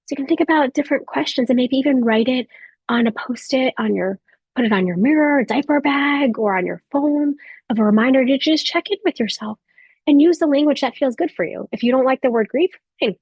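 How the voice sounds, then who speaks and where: A woman in her thirties giving a gentle motivational talk to a live audience of mothers, speaking softly with reflective pauses. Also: sits high, husky, dry recording, lo-fi sound. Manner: soft, warm encouraging delivery with reflective pauses.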